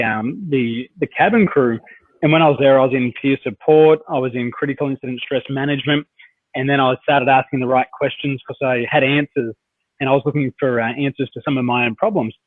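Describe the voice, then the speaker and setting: A man's voice: medium pitch, no room sound. Man, from australia, rambling storyteller, lots of ums, dry tinny phone-like sound. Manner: rambling anecdotes with many fillers and restarts. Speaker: interview guest, performance coach. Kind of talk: conversational storytelling.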